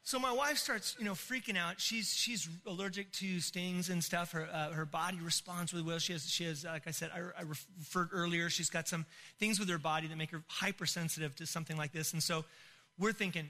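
A middle-aged man, a pastor, telling a comic story in a sermon, animated and bursting into shouts. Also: on the high side, a little fast.

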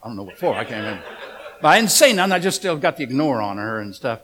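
A man's voice: mid-range voice, very animated, very fast, fairly bright tone. A middle-aged man preaching a humorous storytelling sermon, folksy and joking, asking the congregation questions.

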